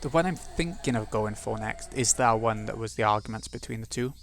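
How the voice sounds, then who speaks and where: A man's voice: lowish voice, fairly quick, faint music behind. Man reading a visual novel aloud. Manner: reads narration steadily, muttering asides to himself between passages. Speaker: let's play host.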